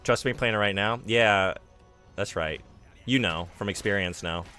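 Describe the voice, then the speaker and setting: A man's voice: lowish voice, moderate pace, bright, forceful tone, clean tone, faint music behind. A man streaming a game, chatting casually with his viewers and poking fun at himself. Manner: chatty, self-deprecating, reads and answers chat. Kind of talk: casual live-stream chat while gaming.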